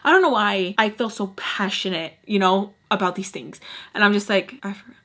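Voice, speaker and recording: A young woman casually retelling a personal story for her vlog, animated and swearing freely. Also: medium pitch, moderate pace. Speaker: vlogger.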